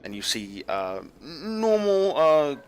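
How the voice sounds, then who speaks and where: A man's voice: fairly high pitch, big pitch swings, slow. A man narrating a tabletop game as game master, describing scenes at length with many fillers.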